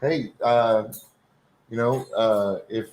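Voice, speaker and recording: A man with a Texan accent hosting a casual stream chat, rambling with many pauses. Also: fairly low pitch, fairly even intonation, darkish tone, a little hiss or hum. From Texas. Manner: rambling, hesitant with fillers. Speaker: stream host.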